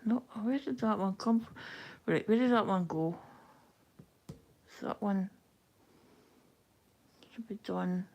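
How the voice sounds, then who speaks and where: Slow, gravelly woman murmuring to herself. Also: mid-range voice, darkish tone. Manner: murmurs counts and asides half-whispered to herself. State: flustered and overheated. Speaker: livestream host. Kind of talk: casual self-talk while stitching on a livestream.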